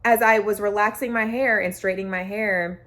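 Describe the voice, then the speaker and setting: A woman's voice: medium pitch, steady tone, normal speed, a bit bright. A young woman vlogger telling a personal story, candid and emotional, with many "like" fillers.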